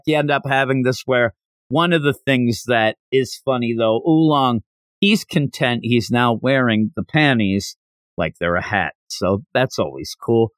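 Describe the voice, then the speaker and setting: A man's voice: mid-range voice, unhurried, fairly bright tone, no echo. A man hosting a manga review podcast, chatting casually as he recaps the plot with wry jokes. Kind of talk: casual solo review chat.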